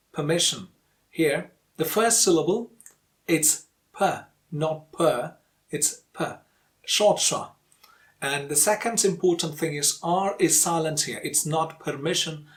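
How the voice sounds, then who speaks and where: Man drilling word stress, slightly high voice. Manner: slow, repeats each word for drill; calls for likes and subscribes. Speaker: pronunciation teacher. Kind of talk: online pronunciation lesson.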